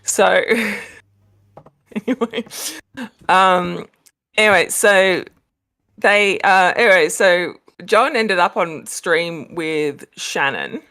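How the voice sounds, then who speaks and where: Rambling Australian woman, lower voice. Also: slow, long pauses, bright, forceful tone. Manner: rambling, laughing, many fillers. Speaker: guest. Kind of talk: casual chat. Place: home, next to the kitchen.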